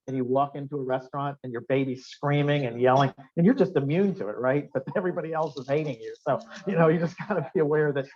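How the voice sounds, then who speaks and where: Speaking fast with few pauses in a somewhat high voice, this man delivers an upbeat keynote of anecdotes, firing questions at his audience as an animated storyteller. The setting is a restaurant function room, captured in a dull, lo-fi recording.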